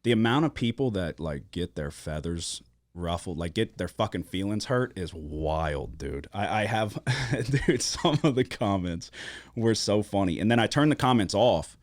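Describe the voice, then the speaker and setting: Casual podcast host from Louisiana, fairly low voice, dry studio sound, swears freely, animated storyteller. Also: male voice, normal speed, no echo. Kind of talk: casual sports-betting podcast chat.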